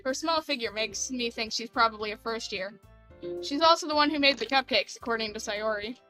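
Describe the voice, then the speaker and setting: Young female streamer, giggly and playful reading game text aloud; bright voice, a bit high, faint game music. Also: fairly quick. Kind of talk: casual let's-play chat and narration.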